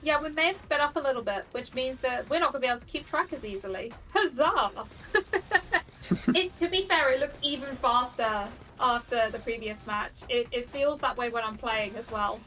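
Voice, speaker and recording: A woman giving live tournament commentary on a competitive game, bubbly and quick to laugh. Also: a little high, bright, forceful tone, rough recording. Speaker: esports commentator.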